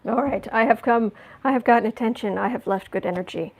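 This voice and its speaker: A woman talks through a tarot spread in a casual, musing way. She often restarts and repeats words as she thinks aloud, and her voice sits slightly high. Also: a little fast, a little mellow. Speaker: tarot reader. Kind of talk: casual tarot reading monologue.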